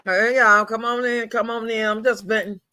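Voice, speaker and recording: An older man with a drawl vents on a live stream from home, profane and fuming, circling back to the same complaints and stretching some words out. His voice sits high and bright, with a sharp edge. The sound is dry and close, with no room echo. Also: fairly even intonation, normal speed, clear, resonant tone. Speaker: livestream host. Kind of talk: angry venting live stream.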